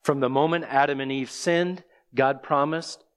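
A man's voice: medium pitch, fairly even intonation, normal speed, smooth. A man preaching an expository sermon, explaining scripture and asking the listeners rhetorical questions.

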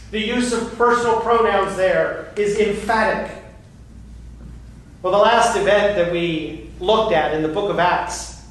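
A man preaching from the pulpit, his fairly high voice landing each phrase with measured emphasis. He sounds set back from the microphone, and the church rings with heavy echo under a faint hiss. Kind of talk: sermon. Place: church sanctuary. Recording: echoey hall from far off, faint hiss.

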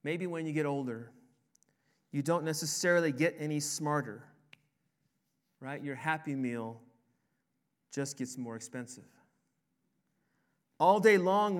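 A man preaching a sermon as a pastor, with an emphatic delivery that rises and falls. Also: a little high. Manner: emphatic, rising and falling preaching cadence.

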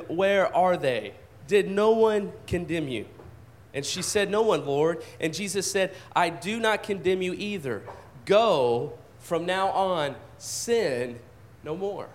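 A man preaching a sermon at a church service into a microphone, talking conversationally, asking the congregation questions and often repeating his first words. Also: sits high. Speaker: pastor. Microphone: handheld or stand microphone.

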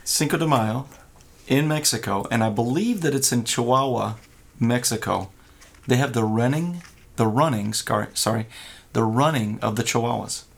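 A man's voice: medium pitch, normal speed, gravelly. A man hosting a casual talk show, rambling and joking, often laughing. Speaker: podcast host. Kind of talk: casual chat.

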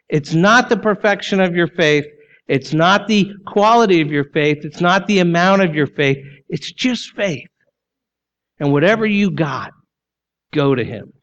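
A man preaching a sermon as pastor, emphatic and full of rhetorical questions, sometimes sinking low and quiet. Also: expressive, measured pace, dull audio.

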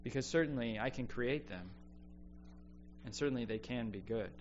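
A man preaching a sermon in an earnest, reflective way, often dropping quiet to make a point. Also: mid-range voice, moderate pace. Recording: dull lo-fi sound with faint hum.

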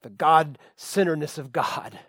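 A man's voice: fairly high pitch, fairly bright tone, breathy edge, dry recording. Dry-voiced male pastor preaching. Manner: reads scripture slowly with emphasis, frequent restarts. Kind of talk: sermon.

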